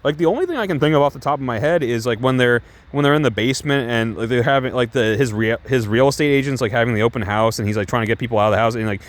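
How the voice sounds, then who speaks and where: A man's voice: mid-range voice, rapid-fire, few pauses. A young man casually reviewing TV shows, chatty and rambling with many restarts. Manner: chatty, heavy use of "like" and restarts, laughing asides.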